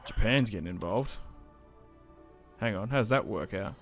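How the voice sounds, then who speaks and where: A young man giving casual, chatty commentary while playing a strategy game, getting excited and laughing often. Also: on the low side, moderate pace, faint music behind. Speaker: gaming YouTuber.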